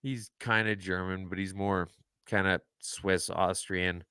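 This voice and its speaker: A man's voice: sits low, fairly even intonation, a little slow, sharp tone, clean tone, no echo. A man co-hosting a casual podcast, dry and sarcastic as he argues his points. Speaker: podcast co-host. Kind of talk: casual chat.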